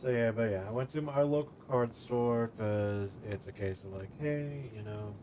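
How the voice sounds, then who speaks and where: A man's voice: mid-range voice, fairly even intonation, normal speed, warm tone, a little hiss or hum. A man streaming a game from home, chatting casually and rambling between bites of food. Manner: rambling, chatty, talking while eating. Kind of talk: casual live-stream chat.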